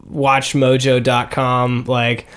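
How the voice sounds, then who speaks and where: A man co-hosting a podcast in loose, rambling chat. He laughs often and his voice jumps up sharply when he gets excited, otherwise sitting at an everyday middle pitch. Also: takes it slowly, clean tone. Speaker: podcast co-host. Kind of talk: casual chat.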